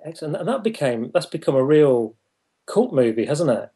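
A man's voice: a little high, sing-song, normal speed. A man with a northern English accent, hosting an interview and speaking with many ums and easy laughs. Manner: warm, hesitant, many ums, laughs easily. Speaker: host. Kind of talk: casual interview.

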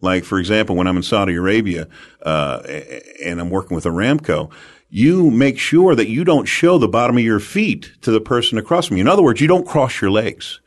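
American man, lively swooping voice, emphatic, guest giving sales tips. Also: fairly low pitch, brisk. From United States. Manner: emphatic, animated storyteller. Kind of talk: animated advice talk.

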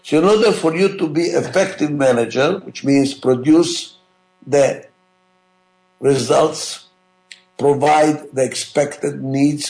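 A man with a gravelly, creaky voice delivers a classroom lecture on management. He talks emphatically, repeats key points and keeps asking the audience rhetorical questions. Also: medium pitch, slow, a little mellow, roomy sound, rough recording.

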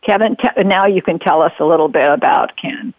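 A woman's voice: on the low side, fairly quick, no echo. A woman hosting a radio interview, asking meandering questions. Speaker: radio host. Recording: dry phone-line sound.

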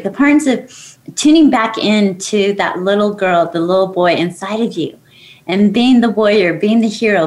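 Woman, radio show host, gushing, affirming, mid-pitched voice, show sign-off. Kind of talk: enthusiastic chat and sign-off.

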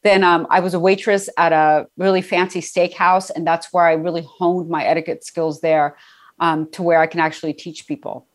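A middle-aged woman speaks as an interview guest, her voice sitting a little low. She tells her story casually, with fillers, restarts and easy laughter. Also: level tone, normal speed. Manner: chatty, laughs often, many fillers.

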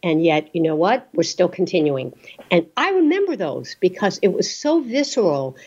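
A woman's voice: fairly low pitch, very animated, normal speed, a little mellow, slightly rough. A woman hosting an interview, chatty and telling stories to make a point. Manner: chatty storyteller. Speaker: podcast host. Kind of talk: interview talk. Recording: dull lo-fi sound.

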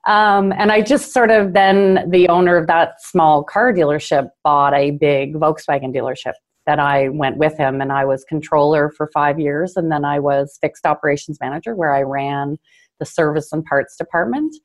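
Middle-aged woman from Canada, low voice, earnest guest telling her story, filler-heavy, gets choked up. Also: steady tone, normal speed. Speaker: guest, car dealership owner. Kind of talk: interview storytelling.

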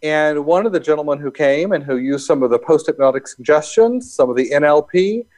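Calm man explaining his coaching. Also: a little high, a little fast. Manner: calm, explanatory, laughs easily. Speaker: guest, hypnosis and NLP coach. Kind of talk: casual interview talk.

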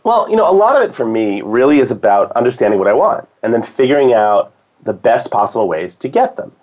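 A man's voice: mid-range voice, very animated, fast, darkish tone. Rambling man on a dull recording. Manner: rambling with many restarts and fillers. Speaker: guest. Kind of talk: casual conversation. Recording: dull lo-fi sound.

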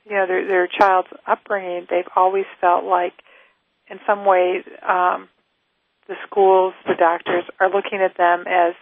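A woman hosting a radio interview, speaking gently with many fillers and restarts. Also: on the low side, monotone, unhurried, dry recording, phone-quality sound. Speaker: radio show host.

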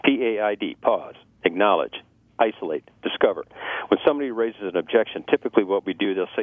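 A male sales trainer on a radio show giving sales tips in a lively way, acting out customer dialogue and laughing at his own jokes. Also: fairly low pitch, a little fast, dry recording. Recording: tinny phone-line radio audio, dry.

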